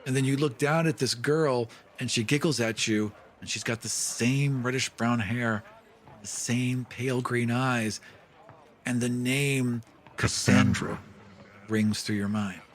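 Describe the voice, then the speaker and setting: A man narrating a tabletop game as game master, relaxed and descriptive, with frequent fillers. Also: mid-range voice, unhurried, slight background noise.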